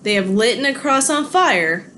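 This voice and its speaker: A woman's voice: fairly high pitch, animated, unhurried, pushed and bright, slight background noise. A woman giving a history lecture from her home, telling the story in a loose, conversational way and correcting herself as she goes. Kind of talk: recorded online lecture. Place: home with pets.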